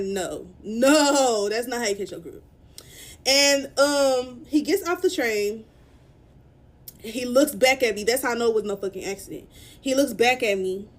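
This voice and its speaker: Young woman, upset and near tears, slightly high pitch, casual to-camera storytime. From Dallas, Texas. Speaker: vlogger telling a story.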